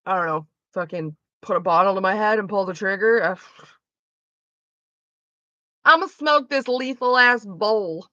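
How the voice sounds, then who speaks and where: A woman's voice: mid-range voice, measured pace, pauses often, bright, forceful tone, no echo, lo-fi sound. A woman streaming from home, chatting casually while gaming, blunt and sarcastic with lots of swearing, coughing now and then from smoking. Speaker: live streamer.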